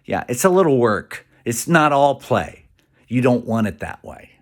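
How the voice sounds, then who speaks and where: A man talking in a rambling, animated monologue, acting out quoted voices and dropping now and then to a whisper. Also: medium pitch, measured pace.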